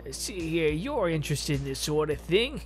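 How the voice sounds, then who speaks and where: Brief: boastful Boston painter, pitched up and loud, as a man puts him on. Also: big pitch swings, moderate pace, soft background music. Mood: mocking. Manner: over-the-top, mocking. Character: boastful male painter, goofy Boston talk.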